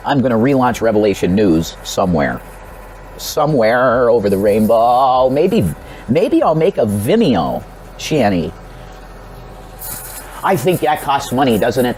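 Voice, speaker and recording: A man's voice: mid-range voice, darkish tone, slight background noise, low-quality recording. A man talking in a rambling personal vlog, addressing another creator directly, restarting his sentences and repeating himself. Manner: rambling and repetitive, with frequent restarts and direct pleas to the viewer. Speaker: religious vlogger.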